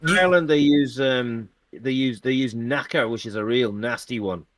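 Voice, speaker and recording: Geordie bloke chatting on a podcast, explains stuff, restarts a lot, dead dry sound. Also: male voice, medium pitch, moderate pace, no echo. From Tyneside, England. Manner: explanatory, agreeable, stammering restarts. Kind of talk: casual podcast chat.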